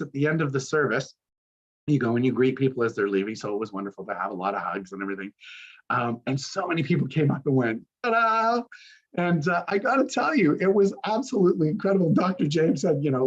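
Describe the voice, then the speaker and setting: A man's voice: medium pitch, lively intonation, a little fast, lo-fi sound. A man, a minister, telling a personal story in a casual sermon, with many fillers and restarts. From Canada. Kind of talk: conversational sermon talk.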